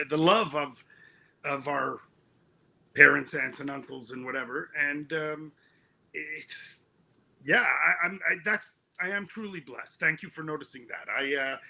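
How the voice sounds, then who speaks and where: A middle-aged man speaks in a high, husky, slightly gravelly voice. He talks as a guest in an interview, reflective and halting, often restarting his phrases. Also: sharp tone. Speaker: author guest.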